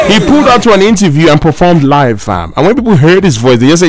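A man hosting a radio show in a playful, energetic chat style. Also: a little high, fairly quick, few pauses, over loud music. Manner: animated, playful, sing-song delivery.

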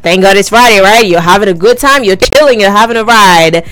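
A young woman hosting a call-in radio show, talking in a brash, teasing, energetic way. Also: mid-range voice, fairly quick, no room sound. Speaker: radio host. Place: radio studio. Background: faint music.

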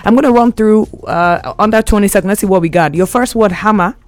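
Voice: medium pitch, a little fast. A Nigerian radio host running a call-in word game with a playful, laughing manner. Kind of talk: lively call-in radio chat. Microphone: studio microphone.

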